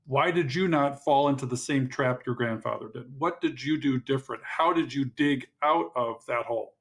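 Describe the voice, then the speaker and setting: A man hosting a podcast who asks probing, measured questions and reads a sponsor spot. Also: medium pitch, a bit bright. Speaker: podcast host. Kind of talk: interview questions and ad read.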